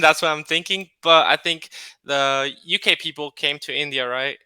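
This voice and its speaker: A man's voice: mid-range voice, a little slow, bright, forceful tone, smooth, dry recording. A man chatting as an English tutor on a video call, hesitant and full of fillers. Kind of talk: casual chat on a video call.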